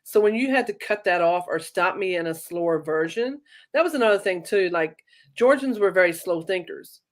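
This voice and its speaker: A middle-aged woman from Ireland whose Irish accent has been softened by decades in the American South, telling stories animatedly in a casual interview. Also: on the low side, normal speed. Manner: animated storyteller, acts out quoted voices. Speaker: guest.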